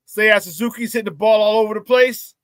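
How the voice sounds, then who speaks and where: A man hosting a casual sports talk show, telling stories excitedly with many restarts and repeated words. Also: high voice, fairly quick, clear, resonant tone, dry recording.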